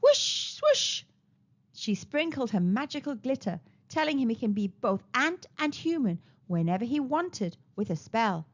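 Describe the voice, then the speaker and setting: Animated sing-song storybook woman. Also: a little high, moderate pace, few pauses. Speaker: children's story reader. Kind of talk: read-aloud storybook narration. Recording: slightly dull lo-fi recording.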